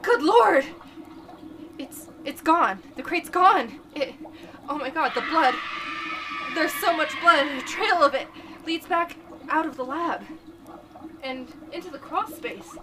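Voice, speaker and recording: A woman voicing a panicked male professor who blurts out frantic, hurried warnings. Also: sits high, lively intonation, far from the mic, background noise, voice pushed up. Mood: horrified.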